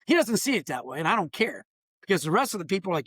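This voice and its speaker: A man's voice: sits high, racing, slightly rough, no echo, studio quality. A man in his late fifties, a consultant talking animatedly and emphatically as an interview guest. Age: late 50s. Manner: animated and emphatic, acting out quoted exchanges. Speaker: guest, diversity trainer and consultant. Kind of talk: casual interview conversation.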